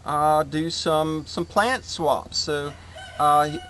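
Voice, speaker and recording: Outdoors in the garden, the host of a homestead channel talks in a loose, meandering way, stumbling over lots of filler words. He has a slightly high, fairly bright voice, and there's a little hiss or hum on the recording.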